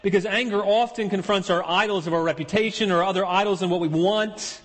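A man delivers an earnest sermon as a pastor, circling back to key phrases to drive them home. His voice sits a little high for a man. The sound carries a long reverb from a large hall. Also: fairly quick, fairly bright tone.

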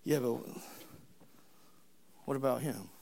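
A preacher doing a hushed, sheepish Peter. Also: male voice, mid-range voice, slow, gravelly, pitched below the performer's own voice. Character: sheepish, hot-tempered fisherman Peter, grown man.

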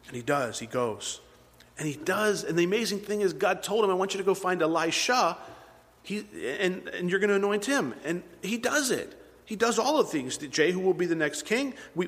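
Guy preaching, pitch a bit high, big echoey hall, gets loud then goes almost to a whisper. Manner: swings from loud emphatic peaks to hushed near-whispers. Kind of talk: sermon. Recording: long hall reverb.

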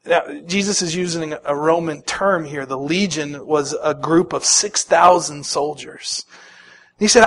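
A man preaching a sermon as a pastor, animated, acting out the people he quotes, with sudden swings between loud and soft. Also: fairly high pitch, measured pace.

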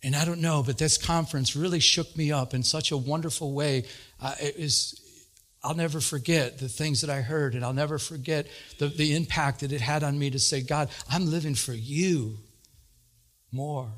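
A man preaching a sermon, telling a personal story with lively retold dialogue and growing excitement. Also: a little high, normal speed. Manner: animated, retells dialogue with rising excitement. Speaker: pastor.

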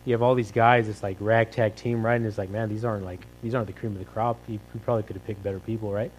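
Male pastor, casual sermon style, rapid delivery, low-pitched, faint hum in the background. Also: steady tone, highs cut off. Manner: conversational, peppered with "right?" and "like".

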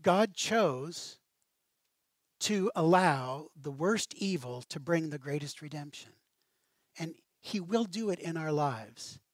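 A man preaching a sermon as pastor, with a conversational, animated style and casual asides. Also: a little high, slow pace, no room sound.

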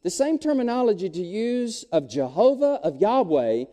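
Animated pastor preaching in a reverberant hall. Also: male voice, high voice, normal speed. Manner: animated preaching with crowd call-and-response. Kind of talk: sermon. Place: church sanctuary.

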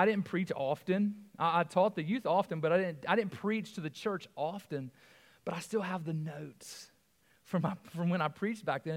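A man, preaching a conversational sermon as pastor, with frequent asides and repeated words. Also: sits high.

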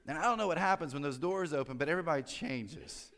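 A man's voice: a little high, animated, fast talker, hardly any pauses, fairly bright tone, big-room sound. A pastor giving a conversational sermon, drawing his listeners in with friendly tag questions.

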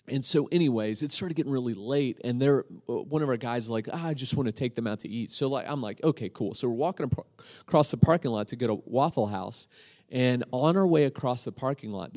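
A man's voice: mid-range voice, darkish tone. A young man sharing a mission-trip testimony in casual storytelling, rambling with many fillers and restarts. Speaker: church member sharing a testimony.

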